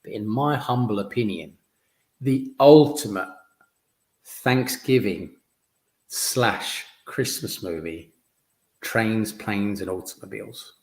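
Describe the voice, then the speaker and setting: A man's voice: on the low side, slow, long pauses, darkish tone. A man hosting a podcast in casual chat, enthusiastic, often stumbling and repeating words. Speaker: podcast host. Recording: echoey room.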